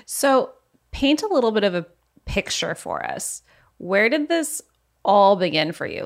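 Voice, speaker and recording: A woman's voice: mid-range voice, wildly swooping pitch, measured pace, gravelly. A woman co-hosting a podcast, playfully prompting her guest with questions. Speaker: podcast co-host. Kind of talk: casual interview chat.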